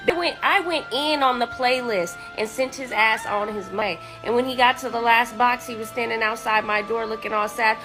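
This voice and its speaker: A woman recounts her story with blunt, sassy candor and plenty of swearing. Faint music plays behind her voice. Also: fairly high pitch. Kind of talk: casual storytelling.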